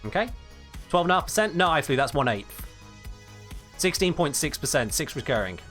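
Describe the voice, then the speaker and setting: A man's voice: fairly high pitch, expressive, fairly quick, a bit bright, soft background music. A young man explaining game mechanics on a live stream, emphatic and blunt when he answers chat.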